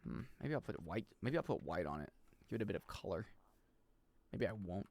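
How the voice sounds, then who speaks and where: Chatty young man streaming a game, lively voice. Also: low-pitched, fairly quick, a little hiss or hum. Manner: rambling, chatty, swears casually and laughs. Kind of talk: casual gaming stream chat.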